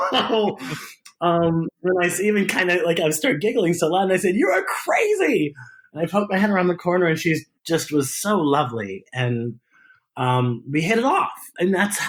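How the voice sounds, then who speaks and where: A man being interviewed as a guest, a drag performer telling stories in a casual chat, animated and laughing often. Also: on the high side. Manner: animated storyteller, laughs and giggles often, many restarts.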